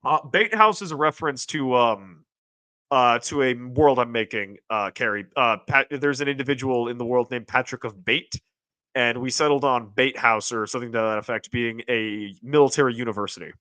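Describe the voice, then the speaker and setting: Casual male streamer, mid-pitched, digressive, dry close-mic sound. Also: normal speed, clean tone, dry recording. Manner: rambling, with restarts and sudden excited jumps in pitch. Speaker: streamer host reading chat. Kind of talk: casual livestream chat.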